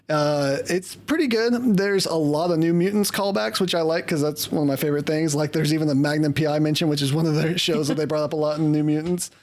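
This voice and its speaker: A man co-hosting a casual podcast, rambling through his thoughts and chuckling often as he chats with friends. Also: on the high side. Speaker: podcast co-host. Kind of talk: casual chat about comics.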